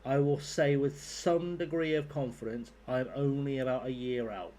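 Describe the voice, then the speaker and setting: A man's voice: mid-range voice, fairly even intonation, moderate pace, dark tone. Rambling, sweary man. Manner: rambling, sweary, chatty asides. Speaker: gaming YouTuber. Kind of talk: casual commentary while playing.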